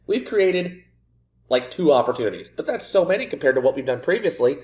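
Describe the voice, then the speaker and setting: This gaming video creator commentates on a football management game in a mid-range, very animated, slightly mellow voice at a moderate pace. His let's play is full of sarcastic, exasperated rants against his own team and himself.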